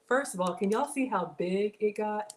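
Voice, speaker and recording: A woman talks through a live cooking stream from her home kitchen. She chats warmly and directly to the viewers, reading their comments aloud as she goes. Her voice sits at an ordinary middle pitch. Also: moderate pace, slight background noise. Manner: chatty, talks straight to viewers, reads out comments. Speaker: cooking channel host.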